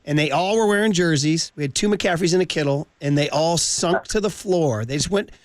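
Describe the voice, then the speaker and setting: A man's voice: a little high, fairly quick, no echo. A man in his forties hosting sports talk radio, telling heartfelt fan stories with passion and saying "dude" a lot.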